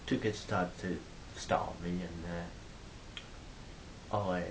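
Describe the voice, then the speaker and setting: A man's voice: sits low, fairly even intonation, slow pace, background noise. A man telling stories in a rambling, casual monologue to a phone camera, swearing freely. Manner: rambling, swears freely, acts out quoted exchanges loudly. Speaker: vlogger.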